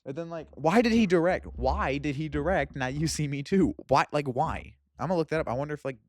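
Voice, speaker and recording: A man's voice: a little high, brisk, hardly any pauses, no echo. A young man in casual chat about movies, rambling and laughing, often breaking off mid-sentence. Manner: rambling, laughing, self-interrupting. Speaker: movie review youtuber.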